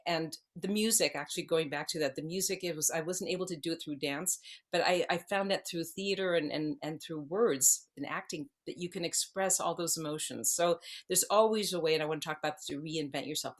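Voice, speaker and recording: She is a woman of about sixty, with a voice pitched a little low. She talks in a casual, digressive way, wandering off on side tracks before circling back to her point. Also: fairly quick. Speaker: actress guest. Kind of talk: casual interview storytelling.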